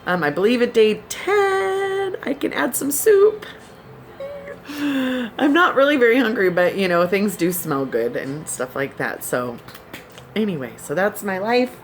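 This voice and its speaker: A woman's voice: mid-range voice, very animated, unhurried, faint music behind. A woman vlogger chatting casually with her viewers, giggling and laughing often as she tells her stories. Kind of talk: casual chat to subscribers.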